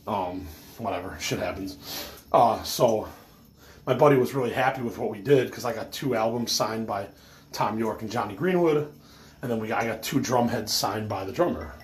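A stoned man rambles through a story in a middle-pitched voice, loose and swearing, stacking filler words and losing his thread. He laughs at himself and apologizes as he goes, in a casual, unscripted vlog way. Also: a little hiss or hum. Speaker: autograph collector telling a story.

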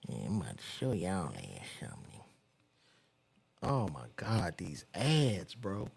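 A man reads celebrity gossip aloud and reacts as he browses, loose and profane. His voice sits low with a gravelly edge, and it swings widely in pitch between remarks. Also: wildly swooping pitch, measured pace, a little mellow. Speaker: commentator reading celebrity news. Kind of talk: casual news reaction commentary.

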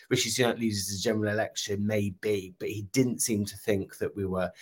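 A man co-hosting a news podcast, talking through a story in a loose conversational way with fillers. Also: on the low side. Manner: conversational, thinking aloud with fillers. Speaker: podcast co-host. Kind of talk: casual news discussion.

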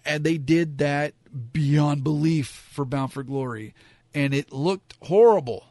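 A man's voice: fairly high pitch, slow, mellow, no room sound. Rambling man sharing blunt opinions. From Southern California. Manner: rambling, frank, many fillers. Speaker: wrestling commentator. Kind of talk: casual opinion monologue.

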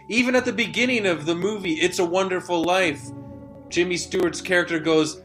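Rambling comedic man over soft guitar. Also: high-pitched, brisk. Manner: rambling, absurd asides, swings from loud rants to hushed calm. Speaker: comedy podcast host. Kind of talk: mock-meditation comedy bit. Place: live online event. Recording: music playing under the voice. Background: soft guitar music.

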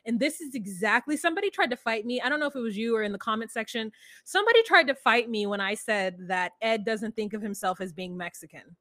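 A woman's voice: medium pitch, expressive, fairly quick, sharp tone, dry recording, clean studio sound. A woman co-hosting a podcast, recapping a reality show in casual chat full of fillers and asides. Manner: chatty, lots of fillers and asides. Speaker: podcast co-host.

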